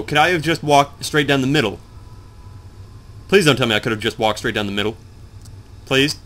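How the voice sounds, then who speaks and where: A man in casual gameplay commentary, just up and groggy, rambling to his viewers and swearing as he gets lost and then excited. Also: medium pitch. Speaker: let's play commentator. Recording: faint game music behind.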